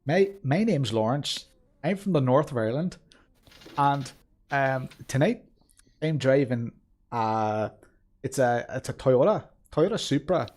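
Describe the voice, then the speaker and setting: A man putting on a Belfast accent for fun, speaking in a halting, chuckling, drawn-out way. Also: medium pitch, animated, a little mellow. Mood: cheery. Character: cheery man from Belfast, a put-on impression.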